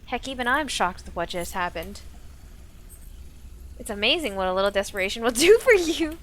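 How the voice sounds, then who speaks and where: A woman's voice: a little high, very animated, moderate pace, fairly bright tone, slight background noise. Woman streamer reading a game aloud. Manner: chatty, with asides and self-corrections. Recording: music playing underneath.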